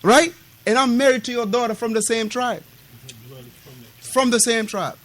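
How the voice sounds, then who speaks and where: A very high, steady-toned male voice at normal speed, a bit bright, belongs to an Islamic lecturer from West Africa. In his mosque lesson on a classical text, he is emphatic and repetitive with key phrases, drops street slang alongside Arabic terms, and dramatizes the quoted dialogue.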